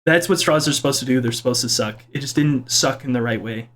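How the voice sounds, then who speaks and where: A young man casually reading out and joking about viewer comments in his video, with a playful, self-mocking manner. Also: a bit bright. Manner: playful, self-mocking, quick swings in pitch. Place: home kitchen.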